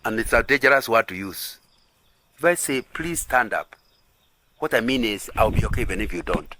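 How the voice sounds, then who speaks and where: A man's voice: lowish voice, fairly quick, pushed and bright, a little hiss or hum. A man preaching at a couples' retreat, earnest and repetitive, often asking the audience if they agree. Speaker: pastor.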